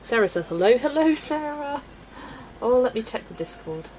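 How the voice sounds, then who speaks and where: A woman's voice: mid-range voice, fast, a little mellow, slight background noise, rough recording. A woman chatting casually on a live stream as she colours, thinking aloud, giggling often, and talking into a webcam mic.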